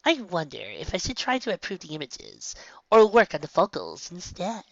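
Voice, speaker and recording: Woman doing a soft-spoken showpony unicorn girl. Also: lowish voice, wildly swooping pitch, moderate pace, dry recording, voice pushed up, full character voice. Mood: earnest. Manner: speaks of herself in third person at times, soft storytelling. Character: boastful young female unicorn showpony turned humble. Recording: dull lo-fi home recording.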